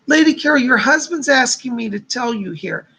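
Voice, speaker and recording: Gravelly, husky-voiced man giving psychic readings. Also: extremely high pitch, lively intonation, normal speed, pushed and bright. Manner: effusive, chatty, gushing with thanks and blessings. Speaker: psychic host. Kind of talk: live-stream psychic readings, reading out chat messages.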